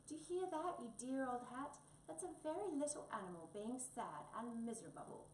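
A woman's voice: fairly high pitch, big pitch swings, brisk, a little mellow. A woman voicing an eager, childlike young male wombat in a storybook, heard in an echoey room from a distance with faint noise.

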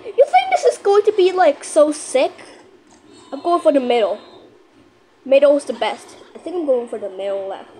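A woman giving live commentary over her own gameplay, excitable and panicky, repeating herself and shouting countdowns when the clock runs down. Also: high voice, a little hiss or hum. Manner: repeats phrases rapidly under pressure. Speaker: gaming channel host.

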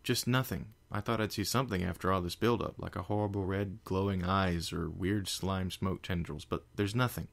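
A man's voice: deep voice, steady tone, normal speed, gravelly, few pauses. A man voicing a small young male dragon, blunt and offhand.

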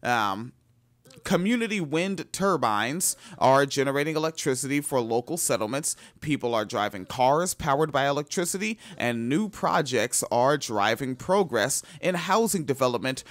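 A podcast host with a fairly high-pitched voice reads a news article aloud haltingly, filling it with fillers. He keeps breaking off into loud, profane asides.

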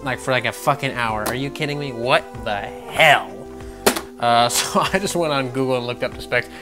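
A man's voice: mid-range voice, normal speed. A man hosting a gaming news vlog, ranting with sarcastic, profane exasperation. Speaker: gaming channel host. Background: background music.

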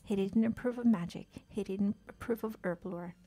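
A woman's voice: mid-range voice, moderate pace, warm tone. A woman chatting casually while streaming a game, swearing freely, talking to game characters and often dropping to a whisper. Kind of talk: casual live-stream chat while gaming.

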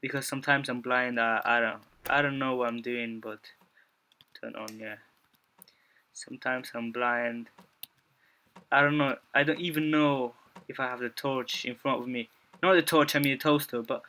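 A man's voice: mid-range voice, fairly even intonation, moderate pace, pushed and bright. A young man giving gameplay commentary, muttering to himself, stammering, panicking and swearing as he plays. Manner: jumpy, panicky reactions with frequent swearing and repeated phrases. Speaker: gaming YouTuber.

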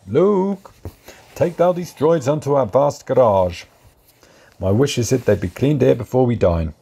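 A performer playing a gruff, gravelly old farmer. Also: medium pitch, lively intonation, unhurried, mellow, full character voice. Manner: gruff and commanding. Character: stern older male farmer uncle. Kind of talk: amateur audio drama in mock-Shakespearean verse.

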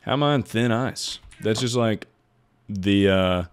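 A man's voice: lowish voice, measured pace, clean tone. A man streaming live, chatting casually with his viewers in a rambling, joking way with plenty of swearing. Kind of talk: casual livestream chat.

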